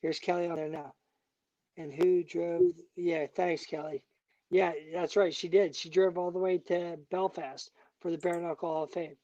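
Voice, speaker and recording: A man's voice: on the high side, flat delivery, normal speed, mellow, no room sound, highs cut off. A man, a bare knuckle fighter, talking as a guest in a heated interview, angry, emphatic and profane.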